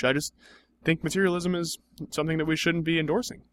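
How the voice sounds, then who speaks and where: A young man with a slightly high voice, pushing back in casual comedy banter. His tone is dry and skeptical. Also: little pitch movement, fast, fairly bright tone.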